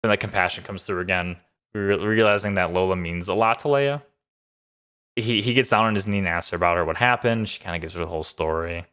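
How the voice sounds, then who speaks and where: Brisk and clean-toned, his low voice carries a bit of brightness as he goes over a TV episode. The reviewer stays upbeat and casual, wandering off on tangents and dropping many fillers in his eager, loose delivery.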